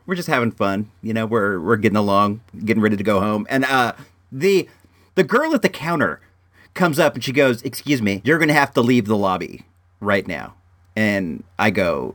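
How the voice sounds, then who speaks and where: A man hosts his own podcast, rambling through casual stories with lots of restarts and asides. His voice sits at a middle pitch but swings up and down with lively expression. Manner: chatty and animated, frequent restarts, acts out voices in anecdotes. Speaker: podcast host. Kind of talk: casual storytelling monologue.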